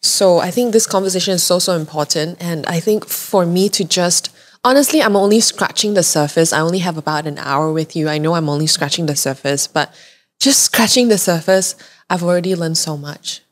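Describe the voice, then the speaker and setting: A woman's voice: lowish voice, a little fast. Earnest emotional woman podcast host. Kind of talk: emotional interview chat.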